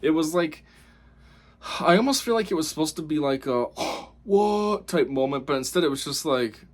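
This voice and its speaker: A man's voice: on the high side, brisk. A man giving a casual spoken review of a TV episode, rambling and exasperated, with lots of fillers.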